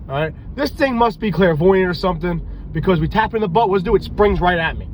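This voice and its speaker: A man's voice: high-pitched, quick pace, hardly any pauses, a little hiss or hum, rough recording. A tired man tells rambling, profane stories in a casual vlog, talking outdoors near a street. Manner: rambling, animated, swears freely. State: tired and loopy. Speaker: reptile breeder and police officer telling stories.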